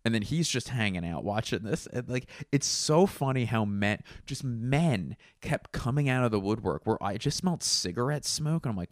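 Deep-voiced guy rambling through a story on his podcast, swears a lot, smooth dry sound. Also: expressive, brisk, dry recording. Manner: profane, rambling, mimics people in stories. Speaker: podcast host. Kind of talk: casual storytelling monologue.

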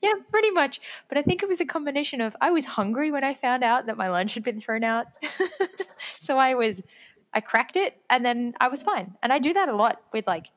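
A young adult woman chatting casually, telling work stories quickly and acting out the quotes with lively energy. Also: high voice. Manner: quick, animated storytelling, acts out quotes. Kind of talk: casual chat.

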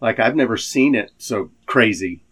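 A man's voice: on the low side, lively intonation, normal speed, fairly bright tone, slightly rough. A man co-hosting a casual political chat, wry and prone to restarting his sentences.

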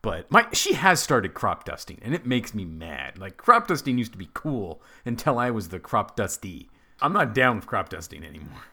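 Animated lower-voiced man telling stories. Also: normal speed, vocal fry. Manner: animated storytelling, dry jokes. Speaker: podcast co-host and father. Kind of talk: casual comedic chat.

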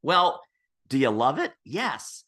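A man talking as a sales expert on a podcast interview over a video call, telling stories and acting out the voices of the people in them. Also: normal speed. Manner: lively, acts out quoted voices with big pitch jumps. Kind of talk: animated interview storytelling.

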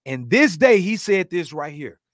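A man hosting a podcast, chatting casually, joking, rambling through stories and giving shout-outs to listeners. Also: on the high side, big pitch swings, measured pace, no echo, clean studio sound. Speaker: podcast host.

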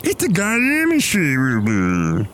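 A man's voice: medium pitch, wildly swooping pitch, a little slow, background noise. A man voicing a chipper male root beer brewmaster who sounds like a bouncy salesman.

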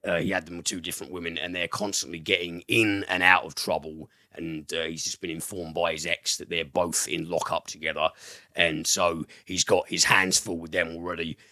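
A man's voice: low voice, little pitch movement, fairly quick, pushed and bright, no echo, clean studio sound. A man hosting a casual film review podcast, enthusiastic, rambling and profane.

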